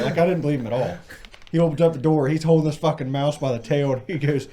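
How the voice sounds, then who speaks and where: A man's voice: medium pitch, a little fast, crowd noise. A young man in his twenties, a podcast co-host, telling a story in casual chat with lots of swearing and laughter.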